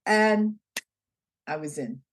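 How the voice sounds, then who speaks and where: Woman telling a lively story. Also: sits low, slow. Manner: animated, acts out the dialogue in her stories. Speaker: interview guest. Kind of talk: conversational storytelling.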